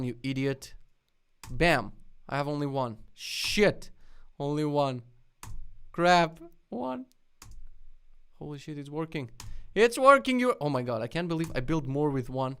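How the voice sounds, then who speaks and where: A young man hosting a live stream about web development, reacting excitedly to links and swearing often with loud outbursts. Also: on the high side, slow pace, pauses often, clear, resonant tone. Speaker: streamer host.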